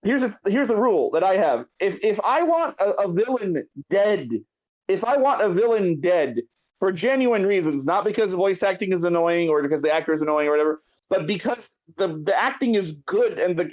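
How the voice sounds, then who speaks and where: High-voiced excitable man. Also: brisk, highs cut off. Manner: excitable, stammering restarts. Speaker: podcast co-host. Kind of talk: casual chat.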